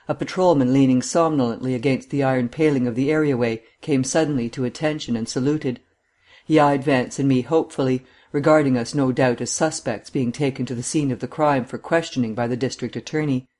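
A man's voice: mid-range voice, a little fast, a little mellow. Man narrating a mystery audiobook.

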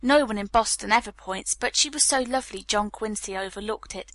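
A woman narrating a novel as an audiobook reader, telling the story in a calm, even manner. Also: mid-range voice, brisk, few pauses, no room sound. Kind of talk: scripted narration.

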